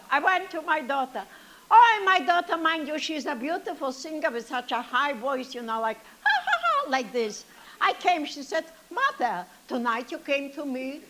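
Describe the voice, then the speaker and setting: A woman's voice: high voice, fairly bright tone, slight background noise. A woman performing a comic monologue as an elderly grandmother, telling stories with dry self-pity and sing-song asides. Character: elderly Yiddish-speaking grandmother, chatty and wry.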